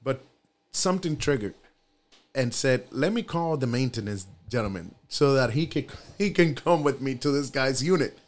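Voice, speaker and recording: A man, a guest on a podcast, telling a story in relaxed casual chat and repeating his phrases. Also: medium pitch, moderate pace.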